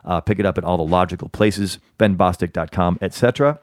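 Fast-talking rambling man, low voice. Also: no room sound. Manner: rambling, talkative, self-interrupting. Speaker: podcast host. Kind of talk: casual interview chat.

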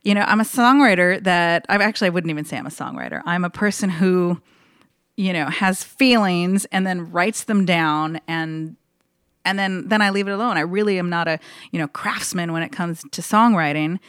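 A woman's voice: fairly low pitch, normal speed, fairly bright tone, clean tone, dry recording, studio quality. A woman musician, a guest chatting casually and giggling often. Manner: giggly, playful. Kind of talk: casual chat.

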